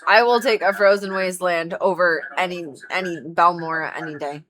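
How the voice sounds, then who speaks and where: Dramatic swearing woman streamer, low voice. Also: steady tone, fairly quick, fairly bright tone, rough recording. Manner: dramatic, swears a lot, mock-emotional complaining. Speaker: livestreamer. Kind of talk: casual gaming commentary.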